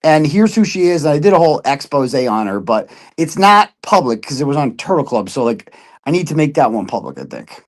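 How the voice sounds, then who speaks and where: A man's voice: on the high side, sing-song, brisk. A man in casual chat, telling a story with lots of swearing and putting on other people's voices. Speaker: podcast guest.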